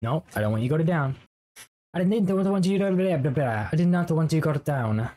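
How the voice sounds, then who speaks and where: A man's voice: on the high side, expressive, brisk, mellow, pitched above the performer's own voice, close to an everyday voice. Man doing a playful cartoonish plumber, fake Italian accent, bouncy chant. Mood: exclaiming. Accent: put-on Italian, badly done. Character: cheery Italian plumber Mario, playful and excitable.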